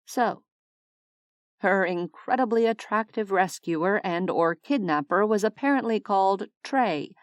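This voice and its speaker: Woman, audiobook narrator, steady expressive reading, middle pitch, dry close mic. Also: unhurried, no room sound. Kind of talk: scripted narration.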